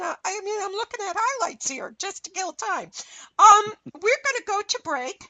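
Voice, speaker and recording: A middle-aged woman hosting a radio show, talking in a rambling, chatty and animated way. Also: very high voice, normal speed, gravelly, no room sound. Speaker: radio host. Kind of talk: casual radio chat.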